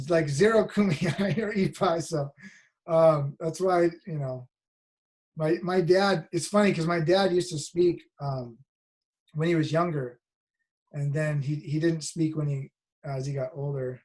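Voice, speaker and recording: This college instructor's voice is a little high and darkish in tone, and he keeps a measured pace. Teaching his class on a video call, he speaks casually, with frequent restarts and fillers.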